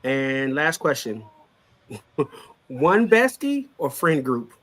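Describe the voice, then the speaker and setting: A man's voice: medium pitch, big pitch swings, a bit bright. Joking casual man co-hosting. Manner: joking, quick asides and plugs. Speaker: co-host. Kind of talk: casual podcast chat.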